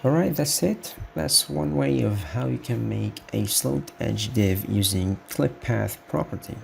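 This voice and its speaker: A man talks through a web coding tutorial at a slow, halting pace, stopping to restart his sentences. His voice sits low and carries heavy vocal fry. A faint hiss of background noise runs under the recording. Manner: unhurried, halting explanation with restarts.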